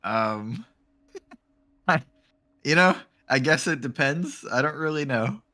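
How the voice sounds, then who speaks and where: A man with a bright, forward voice co-casts an amateur esports match on a live stream. He jokes around and tells teasing anecdotes in easy, casual banter. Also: a little high, expressive, takes it slowly. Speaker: esports co-caster.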